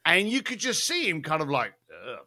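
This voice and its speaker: On a podcast interview show, a male guest with a high voice speaks fairly quickly as he tells a salty anecdote. His animated storytelling is lively, full of asides and frequent laughs.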